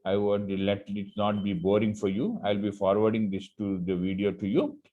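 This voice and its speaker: A man's voice: fairly low pitch, highs cut off. A man with a Telugu accent, a college teacher explaining English idioms in an online class, switching between languages and acting out shop customers. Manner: rapid, mixes languages, acts out shop customers.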